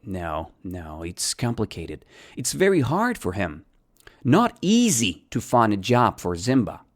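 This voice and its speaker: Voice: mid-range voice, wildly swooping pitch, a little slow. An English teacher giving a podcast lesson, asking simple questions and answering them, repeating key words.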